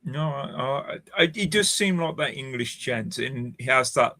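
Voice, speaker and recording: A man hosting a stream talks in a bright, forceful voice at a middle pitch. He stammers and repeats his words as he goes. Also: expressive, moderate pace. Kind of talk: casual chat.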